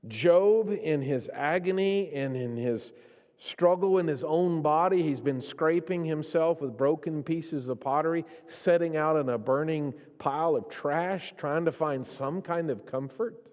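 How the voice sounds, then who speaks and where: Guy preaching a sermon, goes quiet then gets all fired up, church hall echo trailing off. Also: on the high side, unhurried. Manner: impassioned, swings from hushed to raised. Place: church sanctuary. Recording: long reverb of a church hall.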